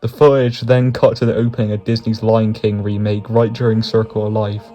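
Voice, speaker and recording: Male YouTube narrator, low monotone delivery, crude comic storytelling with frequent cursing and chuckles. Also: a little fast, highs cut off, faint music behind. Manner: profane, chuckling through lines. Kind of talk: comedic scripted narration.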